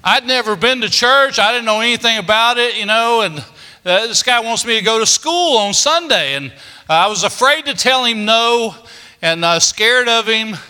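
Folksy preacher, high and bright. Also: male voice, animated, normal speed, smooth. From Kentucky, United States. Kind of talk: storytelling sermon. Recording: long reverb of a large hall.

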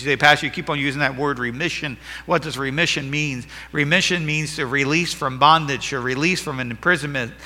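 Male pastor mid-sermon, high bright voice in a reverberant hall, emphatic rises and drops. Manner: preaching with rising and falling emphasis.

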